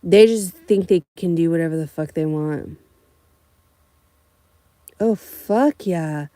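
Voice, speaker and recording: A young adult woman from California, a rideshare driver, telling profane, animated stories on a casual livestream. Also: fairly low pitch, slow pace, no room sound. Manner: blunt, profane, animated storytelling.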